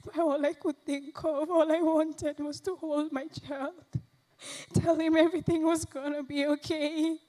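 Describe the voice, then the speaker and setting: An actress on stage playing an abused young mother, recounting her ordeal in halting, shaken narration. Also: sits high, little pitch movement, mellow, poor audio. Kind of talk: stage play monologue. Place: festival stage.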